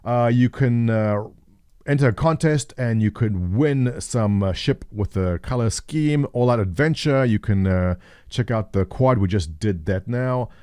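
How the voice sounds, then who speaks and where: A man's voice: mid-range voice, a little slow, mellow, smooth, dry recording, studio quality. A man hosting a casual gaming video, chatting and joking through news and a promo clip with loose fillers. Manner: chatty, jokey, with frequent uh fillers. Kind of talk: casual gameplay commentary.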